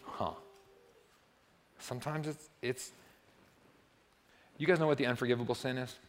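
The long reverb of a church hall surrounds a man in his sixties preaching as pastor in the sanctuary. He speaks at medium pitch and a moderate pace with fairly even intonation, keeping the sermon conversational, often adding "right?" and building to emphatic peaks.

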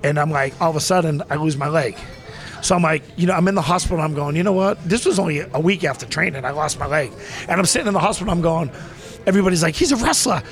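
Interview guest: man, 40s, rambling, animated storyteller, slightly high voice. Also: quick pace, faint music behind. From Massachusetts. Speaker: interview guest, former pro wrestler. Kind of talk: casual storytelling.

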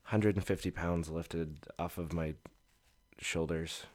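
A man's voice: sits low, steady tone, slow pace, darkish tone. A man as a podcast guest, telling a personal story in an earnest, reflective way.

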